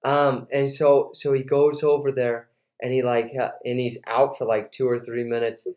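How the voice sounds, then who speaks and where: A man's voice: medium pitch, normal speed. Male interview host, casual storyteller, roomy echo. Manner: animated storyteller, lots of fillers.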